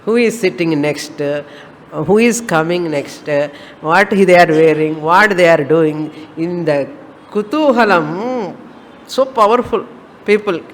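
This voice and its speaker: Lady teaching vedanta real slow, lots of rhetorical why why why, echoey hall. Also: fairly low pitch, a little hiss or hum. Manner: repetitive, fires off rhetorical questions. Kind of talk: spiritual lecture to students.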